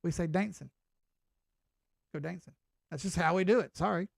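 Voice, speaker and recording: A man's voice: high-pitched, very fast, creaky, no echo, studio quality. A middle-aged man with a Southern US accent, giving casual, folksy crypto chart commentary with some swearing. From Southern United States. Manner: folksy, chatty, mild swearing.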